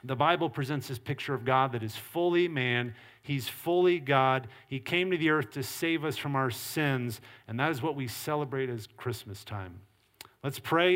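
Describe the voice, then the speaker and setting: A man's voice: mid-range voice, fairly bright tone. A middle-aged male pastor preaching a sermon, earnest and emphatic. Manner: earnest preaching with acted quotes and varied emphasis.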